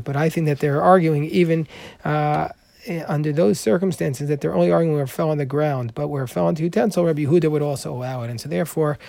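A man's voice: on the high side, gravelly, dark tone, dry recording. A man teaching a Talmud class, reading Aramaic passages aloud and explaining them in English with frequent restarts.

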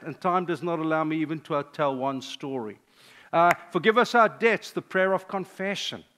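An older man, a pastor, preaching a sermon with personal stories, sometimes dropping to a hushed confessional tone. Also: on the high side.

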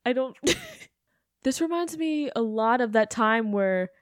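A woman's voice: on the high side, expressive, takes it slowly, no room sound, studio quality. A young adult woman hosting a podcast, ranting in a chatty, sarcastic way with self-questioning asides. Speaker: podcast host. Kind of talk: casual podcast rant.

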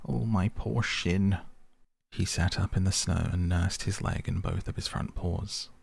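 A man narrating a storybook in a measured, steady reading voice. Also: sits low, gravelly, breathy edge. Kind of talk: audiobook narration.

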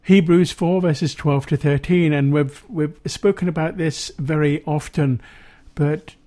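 A man's voice: fairly high pitch, fairly even intonation, a little slow, dark tone. Earnest man reading Scripture. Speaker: radio presenter and preacher. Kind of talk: Bible reading and sermon.

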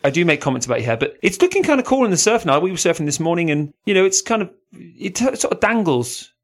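Man, gravelly voice, podcast host, teasing, swears, casual chat. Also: high-pitched, sing-song, fast talker.

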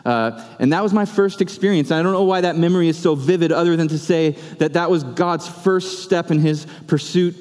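A man in his thirties from California, preaching a sermon and telling his testimony as an earnest storyteller who slows down for emphasis. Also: fairly high pitch, darkish tone. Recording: long reverb of a large hall.

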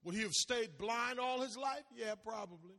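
A man preaching a sermon as pastor, animated, laughing and calling out to the congregation. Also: very high voice, moderate pace, in a large hall.

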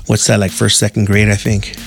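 Gravelly man telling a profane story. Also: lowish voice, flat delivery, a little fast, faint music behind. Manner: profane, slangy, rambling. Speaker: podcast host. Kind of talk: casual storytelling.

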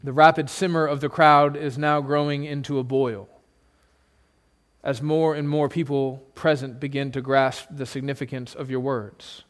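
A pastor preaching a sermon, retelling a scene in vivid second person with dramatic pauses. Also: male voice, medium pitch, flat delivery.

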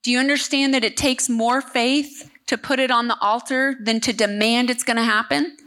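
A middle-aged woman preaching at a church service in a high voice with a bright, sharp edge. She speaks emphatically and turns often to the congregation, checking that they are following her. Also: steady tone, normal speed. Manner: emphatic, talks directly to the congregation. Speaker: guest speaker. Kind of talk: sermon.

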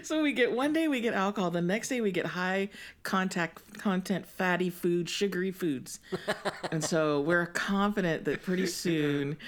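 A woman's voice: fairly low pitch, normal speed. A woman in her forties co-hosting a podcast, chatting casually in a rambling way and laughing often mid-sentence. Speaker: podcast co-host. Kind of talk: casual chat.

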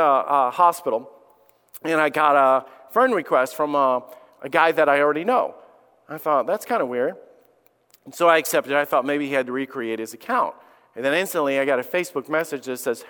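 Middle-aged guy pastor, kinda high voice, preaching a story, gets loud and punchy at the big points, long church hall echo. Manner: earnest storytelling, rising to loud emphatic peaks. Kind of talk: sermon. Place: church sanctuary. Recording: long reverb of a large hall.

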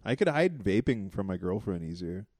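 Crude joking man, lively pitch. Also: no echo, studio quality. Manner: crude, joking, quick to laugh. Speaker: podcast co-host. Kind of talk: casual comedic chat.

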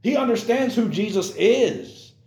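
Man preaching a Bible lesson, emphatic, a little high-pitched, roomy echo. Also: lively intonation, measured pace, darkish tone. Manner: emphatic, keeps addressing the listeners as guys. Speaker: Bible class teacher.

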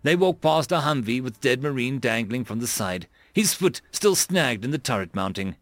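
A man narrating an audiobook in an expressive voice, voicing many characters. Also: medium pitch, moderate pace, dry recording, faint music behind.

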